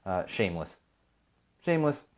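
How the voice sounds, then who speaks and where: A man's voice: low-pitched, very animated, normal speed. A man in his thirties hosting a podcast, chatting casually and ranting with sarcastic asides. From Chicago, USA. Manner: ranting, sarcastic asides, mimics other people. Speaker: podcast host. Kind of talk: casual live-stream chat.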